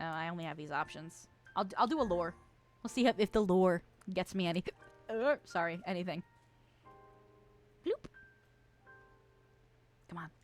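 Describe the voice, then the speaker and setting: A woman streaming a video game, chatting casually with her viewers and swearing often as she plays. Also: fairly low pitch. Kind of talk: casual gameplay stream chat.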